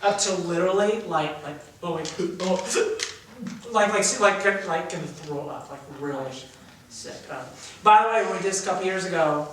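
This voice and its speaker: A man's voice: high-pitched, fairly quick, fairly bright tone, slight background noise. A drama teacher leading a class of young actors, explaining exercises with energy and acting out emotions as he goes. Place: large echoey room. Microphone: camera mic from across the room. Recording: echoey room, voice from far off.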